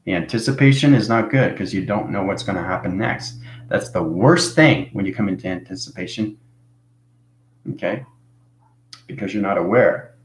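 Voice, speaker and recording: A man's voice: sits low, lively intonation, moderate pace. A man giving spiritual advice to viewers, coaxing them along with "okay?" and "right?" and repeating phrases for emphasis. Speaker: spiritual vlogger. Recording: echoey room.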